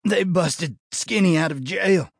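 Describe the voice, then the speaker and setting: A man's voice: high-pitched, unhurried, gravelly, dry recording, studio quality, voice pushed up, full character voice. A man voicing a badly beaten big deputy who is dying, pained and gasping, breaking off his words. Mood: pained, desperate.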